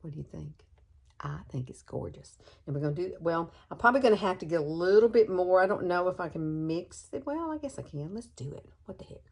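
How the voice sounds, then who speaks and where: A woman in her sixties chatting her way through a makeup tutorial, upbeat and familiar, calling her viewers girlfriends. Her voice sits a little low for a woman. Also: lively intonation, a little fast, creaky, darkish tone. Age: 60s. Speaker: beauty vlogger.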